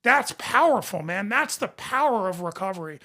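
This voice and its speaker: A high-pitched man with a bright, forceful voice talks in a passionate, emphatic way. He repeats phrases to drive each point home and speaks as a recovery coach and podcast guest. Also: sing-song, normal speed. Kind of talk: passionate conversation.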